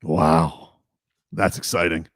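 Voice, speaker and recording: A man's voice: very deep voice, steady tone, no echo, studio quality. A man co-hosting a sports radio show, bantering casually with jokey asides. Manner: jokey, riffing, quick asides.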